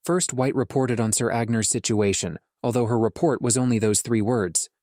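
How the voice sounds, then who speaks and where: A man reading a fantasy audiobook in first person, in a measured and earnest tone. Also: medium pitch, fairly even intonation, a little mellow, no echo, studio quality. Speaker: audiobook reader.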